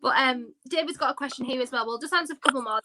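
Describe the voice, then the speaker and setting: A woman's voice: sits high, rapid-fire, noisy background. A woman co-hosting a casual chat, loose and full of "like". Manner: casual, says "like" a lot. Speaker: podcast co-host.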